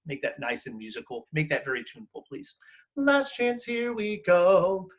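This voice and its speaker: A man's voice: high-pitched, moderate pace. A man teaching an online music class for children, talking encouragingly and singing songs for them to echo. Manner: animated, encouraging, sings call-and-response songs.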